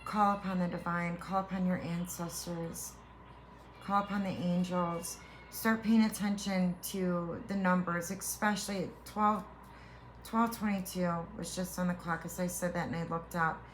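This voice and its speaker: Her voice on the low side and steady in tone, a tarot reader offers her viewers a sincere, heartfelt spiritual reading meant to reassure. She speaks haltingly with repeated restarts, over slight background noise.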